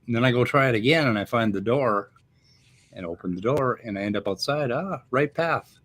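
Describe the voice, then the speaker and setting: A man's voice: medium pitch, brisk. A man co-hosting a casual chat show, rambling and a bit profane as he tells stories. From Minnesota, USA. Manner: rambling, profane, animated storytelling. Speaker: podcast co-host.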